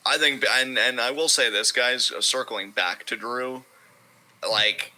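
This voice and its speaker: A man's voice: medium pitch, a little slow, bright, forceful tone, slight background noise, rough recording. A man co-hosting a stream, chatting casually while gaming, loose and rambling with lots of filler words. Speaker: co-host of a wrestling talk stream.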